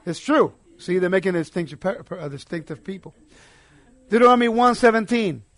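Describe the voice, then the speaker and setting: A man preaching a sermon, emphatic, swinging between quiet asides and loud declarations. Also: sits high, animated, a little fast.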